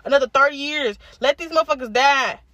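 This podcast host, a woman around twenty, rants alone on her show in a casual, furious way, bluntly and with plenty of profanity. Her high voice comes across brisk and sharp.

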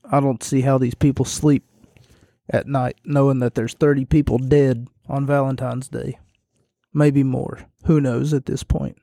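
A man hosting a casual solo podcast, talking in a monotone while losing his voice and sounding hoarse. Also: mid-range voice, a little slow, dry recording, clean studio sound. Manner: monotone delivery. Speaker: podcast host.

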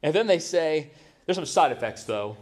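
A man's voice: fairly high pitch, animated, moderate pace, a little mellow. Conversational male pastor preaching a sermon. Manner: conversational, asks the audience rhetorical questions; acts out quoted excuses in a mocking voice.

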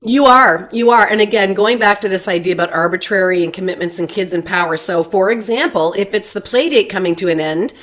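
A woman's voice: medium pitch, a little fast, few pauses, fairly bright tone. A woman counselor talking casually to parents, chatty and repeating her words as she acts out soothing lines to a child. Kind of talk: workshop talk.

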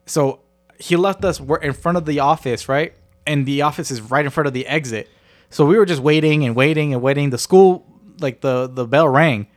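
A man's voice: fairly high pitch, moderate pace. A young man co-hosting a podcast, telling a childhood story in a profane, laughing way. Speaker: podcast co-host. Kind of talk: casual storytelling chat.

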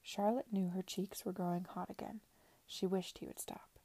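A woman reading a novel aloud softly in a whispered reading. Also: mid-range voice, fairly even intonation, moderate pace, gravelly, dry recording. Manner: soft, hushed narration. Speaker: reader.

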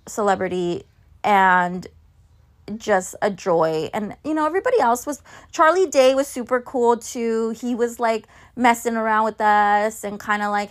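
A woman telling a candid, chatty story in a casual vlog, swearing freely. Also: mid-range voice. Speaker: vlogger and mom.

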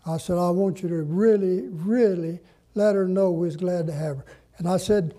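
An older man, a pastor telling stories in a sermon in a folksy, drawn-out way. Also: high voice, mellow. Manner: folksy, drawn-out preaching with dramatic pauses. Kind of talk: sermon storytelling.

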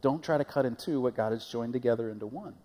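In a church sanctuary with a long, hall-like reverb, a male pastor gives a conversational sermon and keeps asking the congregation questions. He talks fast, and his medium-pitched voice has a dark tone.

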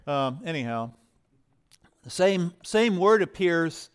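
A man's voice: fairly high pitch, expressive, slow pace, clean tone. Conversational male preacher, dynamic delivery. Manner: conversational, swings from loud emphasis to hushed whispers. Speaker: pastor. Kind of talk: sermon.

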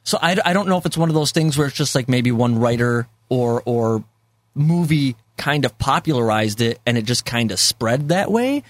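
A man's voice: medium pitch, animated, normal speed, dry recording. A man hosting a casual movie discussion podcast, rambling with many fillers and repeats, and laughing easily. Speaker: podcast host.

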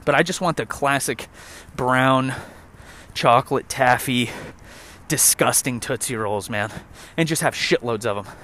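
A man's voice: medium pitch, measured pace, bright, forceful tone. A young man rambling and joking with lots of swearing while walking a trail outdoors. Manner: profane, rambling, jokey. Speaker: vlogger. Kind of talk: casual rant while walking.

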